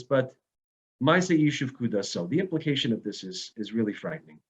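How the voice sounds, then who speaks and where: A man giving an emotional Sabbath sermon as a rabbi, telling stories with rising emphasis. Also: a little high. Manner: emotional storytelling with rising emphasis and Hebrew phrases. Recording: dull lo-fi recording.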